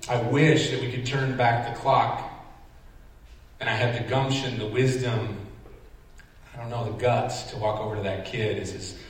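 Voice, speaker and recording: A man preaching in a big sanctuary, caught from a distance so his voice carries a long, echoey hall reverb. He tells a lively story with self-deprecating humor and plays out his own reactions. A faint hum of room noise sits underneath. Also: medium pitch, normal speed, pauses often. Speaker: pastor. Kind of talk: sermon storytelling. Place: large church sanctuary.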